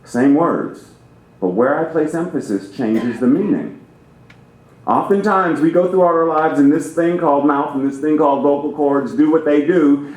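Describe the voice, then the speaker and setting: Lively, theatrical male preacher in an echoey hall. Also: fairly high pitch. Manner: lively, theatrical emphasis, plays with phrasing. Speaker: guest minister. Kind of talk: sermon. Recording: roomy church reverb.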